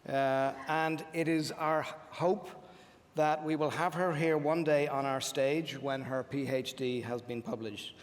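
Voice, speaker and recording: A man's voice: fairly high pitch, fairly even intonation, unhurried. A man hosting a live event, introducing a remote guest and moderating a Q&A in a friendly, upbeat way. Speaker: event host. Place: large event hall with audience. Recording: reverberant hall.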